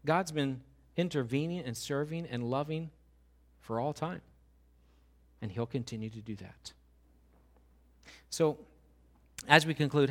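A man, a pastor, preaching an animated sermon, often acting out quoted voices and building to loud, rising questions. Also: medium pitch, measured pace, pauses often.

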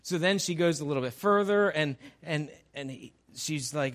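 A man preaching a sermon in a lively, conversational way, often asking his listeners rhetorical questions. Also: a little high, moderate pace, few pauses. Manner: conversational, animated, asks the audience rhetorical questions. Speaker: pastor.

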